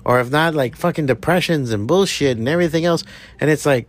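A man's voice: on the high side, brisk, faint music behind. A man hosting a podcast, ranting bluntly with heavy swearing and bits of Spanish slang. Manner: profane, blunt and animated. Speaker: podcast host. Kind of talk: casual ranting commentary.

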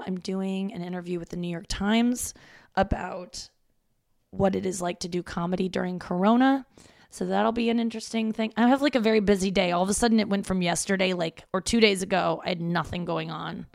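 A woman's voice: mid-range voice, steady tone, brisk, gravelly, dry recording, studio quality. A woman stand-up comic hosting her own podcast, talking casually at home in a rambling, self-mocking way with frequent swearing. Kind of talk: casual solo podcast monologue. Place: room in her parents' home.

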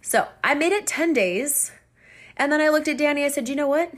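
A woman casually telling a personal travel story as a podcast host, chatty and animated and laughing often. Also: high-pitched, moderate pace.

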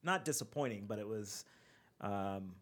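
A man hosting a podcast in a studio, telling stories in a casual, animated way and laughing easily. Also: lowish voice, a little slow. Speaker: podcast host.

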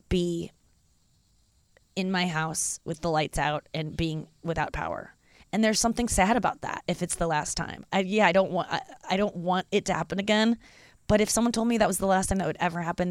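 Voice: medium pitch, no room sound, studio quality. A podcast host in their thirties, from the St. Louis area, talking in a candid, confessional, rambling way with lots of fillers. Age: 30s. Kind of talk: casual solo podcast monologue.

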